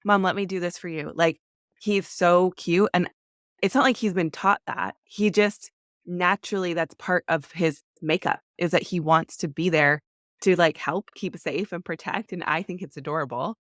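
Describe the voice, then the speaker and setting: A woman's voice: fairly low pitch, steady tone, normal speed, fairly bright tone, no room sound, clean studio sound. A woman in her thirties, a podcast guest, telling her story candidly and earnestly, with many "like" fillers.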